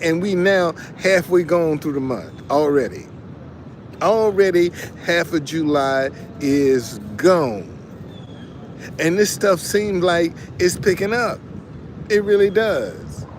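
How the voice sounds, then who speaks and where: A man talks to his viewers in a loose, preachy way, repeating lines for emphasis and restarting mid-sentence. His voice sits a little high. Faint street noise from passing vehicles runs under the talk. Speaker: online commentator. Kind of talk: casual motivational livestream talk.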